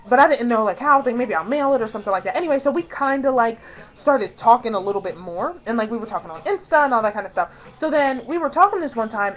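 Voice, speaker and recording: A young woman vlogger telling a story in a casual, chatty way, excitedly acting out quotes in higher voices. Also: highs cut off.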